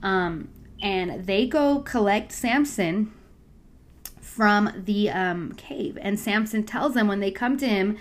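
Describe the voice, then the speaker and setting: A young woman casually retelling a Bible story in her own words, chatty and animated, slipping into slang and acted-out voices. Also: mid-range voice, slow.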